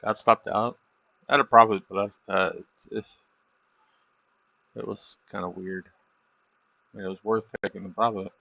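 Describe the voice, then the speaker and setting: Middle-aged guy streaming trades, gravelly and kinda lowish, just rambling to chat. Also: fairly even intonation, moderate pace, long pauses, dry recording, lo-fi sound. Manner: rambling, self-deprecating, drawling asides. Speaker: livestreaming trader. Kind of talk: casual livestream chat.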